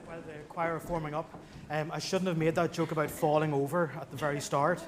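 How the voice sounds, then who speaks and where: A choir conductor telling a self-deprecating anecdote to a live audience in a church. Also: male voice, a little high, little pitch movement, brisk. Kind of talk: speaking to a live audience between songs. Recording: live concert recording with clear hiss.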